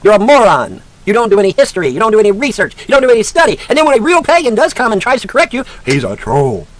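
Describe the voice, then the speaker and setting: Profane ranting man, wildly swinging pitch. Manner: profane, mocking, shouting insults at a named woman; sarcastic, lecturing like a teacher. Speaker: online commentator. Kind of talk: angry rant.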